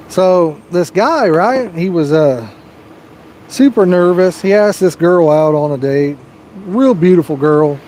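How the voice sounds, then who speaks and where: A man's voice: high voice, a little mellow, a little hiss or hum. Folksy man telling a joke while fishing. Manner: rambling, folksy storytelling with frequent "you know". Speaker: fishing livestream host. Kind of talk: casual live-stream chat and joke telling. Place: outdoors at a fishing spot. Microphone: personal microphone.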